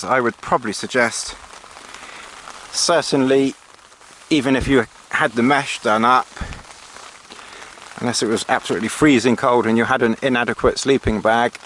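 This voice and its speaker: A man's voice: mid-range voice, sharp tone. A man giving a casual walkthrough of a tent from inside it, hesitant, with dry sarcastic asides. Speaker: outdoor gear reviewer. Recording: faint rain noise on tent.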